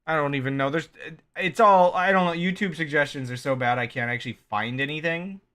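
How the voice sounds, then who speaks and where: A man's voice: fairly high pitch, fairly quick, pushed and bright. A male streamer chatting casually on a livestream, rambling, interrupting himself and laughing often.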